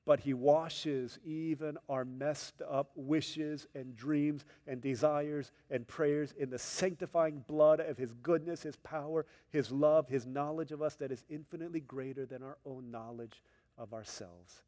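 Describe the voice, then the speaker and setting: Male pastor, somewhat high voice, sermon delivery swinging from soft to forceful. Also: steady tone, a little slow, big-room sound. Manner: preaching with wide swings from hushed to loud and emphatic.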